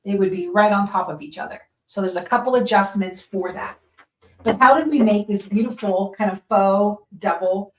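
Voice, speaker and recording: A woman who teaches sewing, explaining each step in a casual tutorial at her machine and checking in with "right?" and "okay?". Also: mid-range voice. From Western Pennsylvania. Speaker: sewing instructor.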